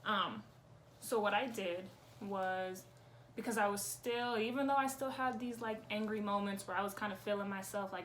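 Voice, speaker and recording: A young woman speaks straight to camera in a candid personal vlog, frank and emphatic, swearing freely and getting worked up. Her voice sits at a middling pitch. A faint hiss runs underneath. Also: steady tone, unhurried, a bit bright. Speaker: vlogger.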